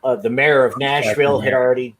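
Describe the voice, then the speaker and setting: A man's voice: medium pitch, fairly even intonation, brisk, a bit bright. A man talking as a podcast guest, making wry, easygoing remarks. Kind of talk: casual chat.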